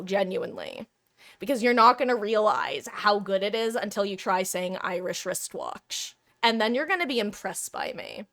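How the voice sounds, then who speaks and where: A woman's voice: mid-range voice, a bit bright. Chatty, rambling woman streamer. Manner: rambling and chatty, with frequent restarts and laughs. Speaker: livestreamer. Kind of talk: casual chat with stream viewers.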